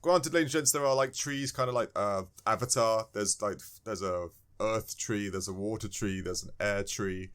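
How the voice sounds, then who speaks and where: A man co-hosting a podcast, talking about a game in a rambling, animated way, searching for words and chuckling often. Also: lowish voice, moderate pace, hardly any pauses, smooth. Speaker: podcast co-host. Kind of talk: casual game discussion.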